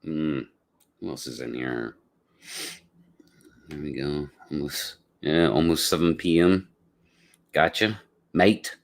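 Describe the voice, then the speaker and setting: A man's voice: very deep voice, fairly even intonation, slow pace, long pauses. A man hosting a casual live podcast, chatting with viewers in a rambling, laid-back way with lots of fillers. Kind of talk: casual livestream chat.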